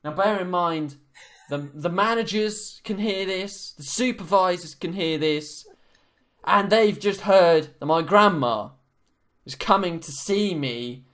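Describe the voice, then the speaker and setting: A man's voice: high voice, slow pace, fairly bright tone. A young man telling a story in casual podcast chat, rambling with many fillers and restarts. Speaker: podcast co-host.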